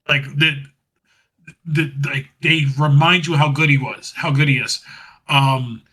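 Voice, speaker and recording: A man's voice: fairly high pitch, fairly even intonation, a little slow, sharp tone, husky, low-quality recording. A man co-hosting a podcast, casually recapping wrestling, rambling and laughing as he acts out what was said. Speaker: podcast co-host.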